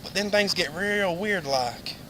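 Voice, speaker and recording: This is a loud-mouthed, cursing redneck character, put on by a man for a comic monologue. The voice sits high and sharp, and he rambles excitably through his tale. A faint hum of background noise runs under him. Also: measured pace, poor audio. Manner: crude, excitable, Southern-style drawl with cursing. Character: rowdy redneck drunk named Randy. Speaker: comic storyteller.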